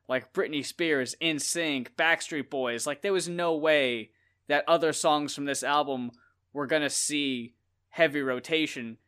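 A man's voice: fairly high pitch, pushed and bright. A man co-hosting a podcast, reviewing an album in casual, rambling chat, often laughing and swearing. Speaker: podcast co-host.

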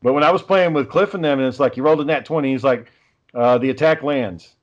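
A man's voice: on the high side, very fast, muffled recording, slight background noise. A man telling rambling, profane stories in casual chat with friends.

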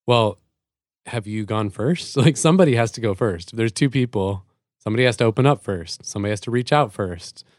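Male podcast co-host, fairly low voice, upbeat and affirming, dry sound. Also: lively intonation, brisk, no echo. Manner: affirming, upbeat, laughs easily. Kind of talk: casual podcast chat.

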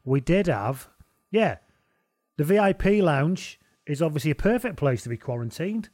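A man's voice: a little high, sing-song, normal speed, darkish tone, no echo, clean studio sound. A man co-hosting a podcast in casual, sweary, joking banter. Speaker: podcast co-host. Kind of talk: casual chat.

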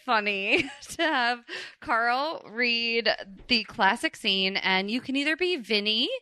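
A woman's voice: on the high side, animated, takes it slowly, pushed and bright, clean tone, dry recording. A woman hosting a podcast, chatting casually with a guest and laughing often. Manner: giggly, effusive, lots of laughing. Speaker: podcast host. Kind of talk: casual interview chat.

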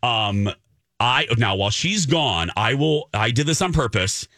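A man hosting a radio show, telling a story in a casual chat and acting out the quotes in a high voice. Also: animated, unhurried, pushed and bright, no room sound, studio quality.

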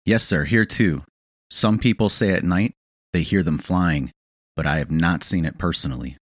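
A man's voice: low voice, moderate pace, no echo, clean studio sound. A man voicing a polite young woman guiding a boat, formal and deferential, calling the listener sir. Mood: matter-of-fact.

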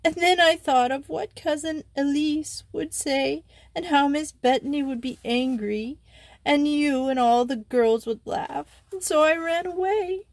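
A small, heartbroken French schoolgirl pleads through choked sobs in a high, thin voice, played by a woman reading aloud. She sounds timid and clinging. The storybook recording is dry and close. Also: a little slow, a little mellow, dry recording. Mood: sobbing.

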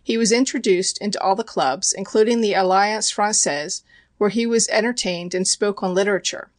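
A woman's voice: medium pitch, steady tone, normal speed, no room sound. Woman narrating an audiobook, dry and close.

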